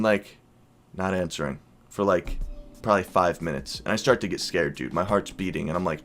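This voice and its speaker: A young man vlogging, casually telling a wild night's story with lots of swearing and animated quoted voices. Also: sits low, brisk. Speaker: YouTuber.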